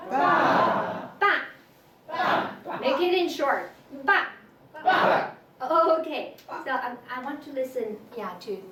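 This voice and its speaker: In this classroom lesson, a female Chinese teacher with a high voice speaks patiently, repeating tones for the students and filling gaps with lots of fillers. It's captured from far off in an echoey room with faint background noise.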